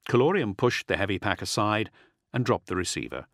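A male audiobook narrator reads with dramatic, expressive delivery. His low voice swings widely in pitch. The recording is dry and close, with no room sound. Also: a little fast, dry recording. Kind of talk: scripted narration.

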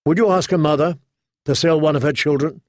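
A man voicing a proud, shrewd young exiled queen who speaks calmly and firmly. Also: fairly high pitch, no room sound, studio quality, natural voice. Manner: calm, measured, firm.

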